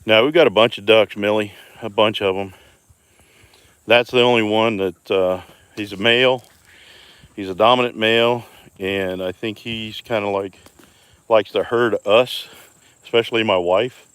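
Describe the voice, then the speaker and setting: A man's voice: lowish voice, measured pace, long pauses, clear, resonant tone, no echo. A man chatting casually on a live stream as he walks around his homestead outdoors, talking into a phone he holds. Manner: relaxed, chatty, greets viewers by name. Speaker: homestead vlogger.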